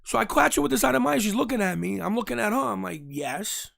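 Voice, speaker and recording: A brash host tells a story in a high, gravelly voice. He mocks and jeers as he goes, and his voice stays fast and animated. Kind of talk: casual live-stream rant.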